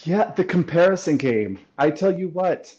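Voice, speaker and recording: Man coaching voice, lively and demonstrative. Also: high-pitched, normal speed, highs cut off. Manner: lively, explains with sung demonstrations. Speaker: voice coach and guest. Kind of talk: casual interview explanation.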